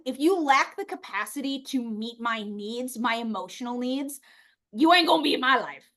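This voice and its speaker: High-voiced, animated, outspoken woman. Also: normal speed. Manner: animated, outspoken, playful swearing and put-on quoted voices; laughs often. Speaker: guest. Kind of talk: casual podcast chat.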